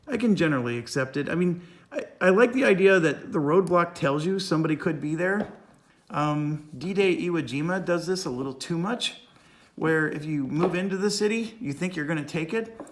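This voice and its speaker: Man in a slightly higher register, talking through a solo board game and reading rules aloud, with a slight cough. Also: lively intonation, moderate pace.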